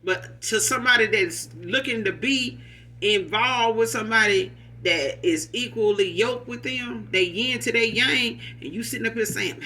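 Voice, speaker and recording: A man's voice: high voice, moderate pace, pushed and bright, slight background noise. A man giving a casual, rambling tarot reading, talking in a loose, profane, street-casual way. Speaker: tarot reader.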